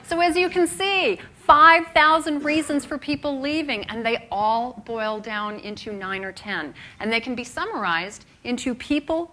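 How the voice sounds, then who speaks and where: A woman giving a live presentation as a keynote speaker, animated and asking the audience rhetorical questions. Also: fairly high pitch. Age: young adult.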